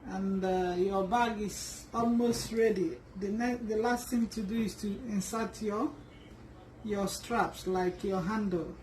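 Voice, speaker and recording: A woman giving an unhurried, step-by-step sewing tutorial, often restarting her sentences as she works. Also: mid-range voice, fairly even intonation, a little mellow, far from the mic, slight background noise. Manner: unhurried, restarts and fillers while working. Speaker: sewing instructor. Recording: echoey room, voice from off the mic.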